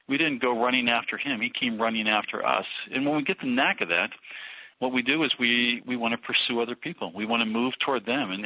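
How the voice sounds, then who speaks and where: A man talking through ministry ideas in an interview, thoughtful and halting with many restarts. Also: medium pitch, sharp tone, no room sound. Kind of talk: conversational interview about ministry. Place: Philadelphia. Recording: dull lo-fi radio audio.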